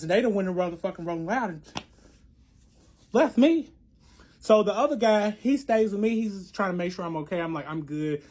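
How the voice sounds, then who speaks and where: A young man tells a personal story in a loose, profane monologue, his voice sitting high. He plays out both sides of the fights he recalls with lively back-and-forth. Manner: animated, profane, acts out both sides of quoted arguments.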